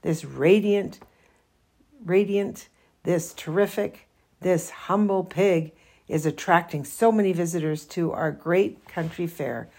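A woman reading aloud voices a male fair announcer speaking over a loudspeaker, formal and oratorical. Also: lowish voice, slow pace. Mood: orating.

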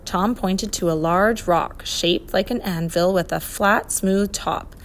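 A woman's voice: medium pitch, slow, few pauses, a little hiss or hum. Woman reading a children's story aloud. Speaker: narrator.

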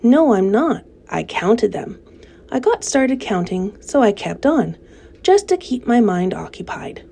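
A wise but fading female spider from a storybook who speaks in a soft, subdued, unhurried way , voiced by a woman reader. The voice is dark and mellow. A gravelly fry runs underneath. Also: medium pitch, big pitch swings. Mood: weary. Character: wise, tired female spider, gentle and weakening. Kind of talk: storybook character reading.

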